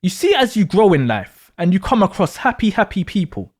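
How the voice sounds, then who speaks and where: A man narrating an astrology explainer. He speaks slowly and deliberately, with a very animated, wide-ranging pitch. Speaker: astrology content creator.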